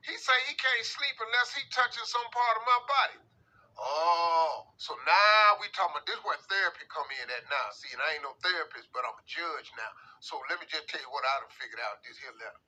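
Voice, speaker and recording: A man with a high, ringing voice holds court as a radio host, picking apart a listener letter for laughs. He drawls his lines with playful slang and big comic timing. The sound is very bright and forward. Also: lively intonation, a little fast, low-quality recording. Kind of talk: comedic radio commentary.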